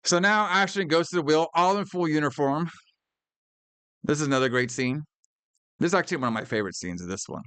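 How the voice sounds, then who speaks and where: A man co-hosting a podcast, casually recapping a horror movie scene by scene, profane and animated, acting out the characters' lines. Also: a little high, brisk, long pauses, clean tone, dry recording. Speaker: podcast co-host.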